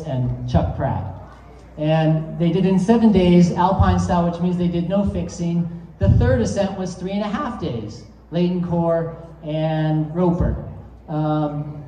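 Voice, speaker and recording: A man's voice: high-pitched, warm tone. A man giving a live keynote talk to an audience, casual and storytelling, with many fillers. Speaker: keynote speaker. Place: event hall. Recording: roomy, distant, dull sound.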